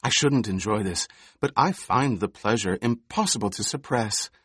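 A man's voice: fairly low pitch, moderate pace, fairly bright tone, husky, no room sound, studio quality. A man voicing an eerie, haughty little girl who speaks in a cool, precise, scornful way.

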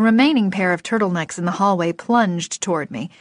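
A woman narrating a first-person novel in a lively, expressive storytelling voice. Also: fairly low pitch, brisk, few pauses, no room sound, clean studio sound. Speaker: audiobook narrator.

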